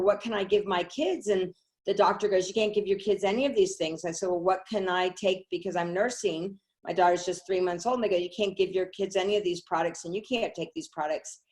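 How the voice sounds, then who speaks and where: A middle-aged woman telling a personal story on a call, animated, acting out what others said. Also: lowish voice. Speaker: network marketing speaker.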